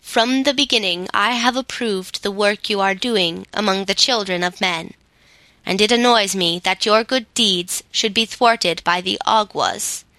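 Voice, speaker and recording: A calm, stern immortal lord of the forests speaks with grave authority, as a woman narrator gives him voice. The pace is slow and measured, the tone bright and clear, recorded dry. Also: medium pitch, dry recording, poor audio.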